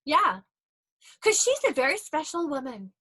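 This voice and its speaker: Bright, lively woman co-hosting a podcast. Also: high-pitched. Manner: chatty, laughs often, quick reactions. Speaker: podcast co-host. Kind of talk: casual chat.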